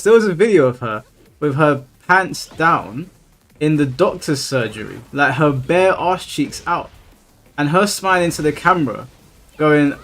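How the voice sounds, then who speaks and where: A young man, chatting casually and ranting with plenty of swearing on his live stream, exasperated. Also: on the high side.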